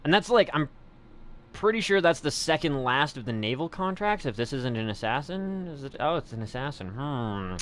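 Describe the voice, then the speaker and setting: A man's voice: mid-range voice, big pitch swings, moderate pace, a bit bright. A young man streaming a game, talking casually to his chat and swearing freely. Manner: crude, swears freely, chats to viewers. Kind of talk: casual let's play commentary.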